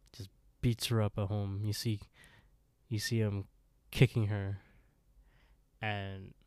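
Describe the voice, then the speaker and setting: A man recaps a horror story on a podcast, taking his time with every beat. His voice is warm and relaxed, a touch low, recorded dry and close. He jumps into the characters' lines now and then. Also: no room sound. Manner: relaxed storyteller acting out lines, laughs often. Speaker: podcast co-host. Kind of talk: casual chat retelling a horror story.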